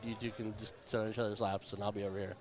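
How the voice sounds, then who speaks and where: A man's voice: lowish voice, level tone, rapid-fire, a little mellow. A man co-commentating a darts tournament stream, making dry wisecracks. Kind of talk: playful live stream commentary.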